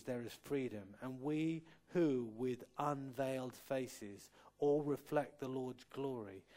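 A man's voice: medium pitch, dark tone. A man from Cornwall preaching a sermon, earnest, with light humorous asides and frequent restarts. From Cornwall, England.

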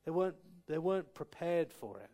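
A man preaching a sermon in a slightly higher-than-usual voice. He talks earnestly, stumbles and restarts, and breaks into light humorous asides. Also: big pitch swings, a little fast, warm tone. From Cornwall, England.

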